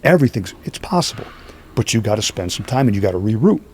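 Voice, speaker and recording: A middle-aged man telling stories in a casual podcast chat, animated and checking in with "right?" as he goes. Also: on the low side, fast, slight background noise. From Northeastern US. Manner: animated, repeats "right?" often, acts out quoted voices. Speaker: podcast guest, strength athlete. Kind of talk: casual storytelling conversation.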